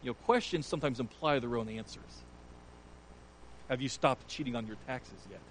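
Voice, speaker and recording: Man, pastor, sermon, earnest, emphatic rises, middle pitch, faint hum. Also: moderate pace, poor audio.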